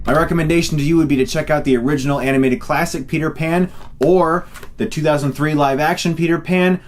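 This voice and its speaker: A man reviewing a film with an emphatic, exasperated delivery. His speaking voice sits a little high for a man. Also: steady tone, quick pace, a little hiss or hum. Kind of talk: online movie review.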